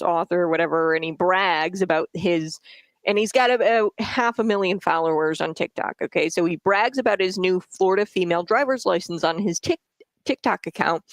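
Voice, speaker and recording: A woman's voice: on the low side, dry recording. A woman commenting on the radio in an indignant, sarcastic way, with many fillers and restarts.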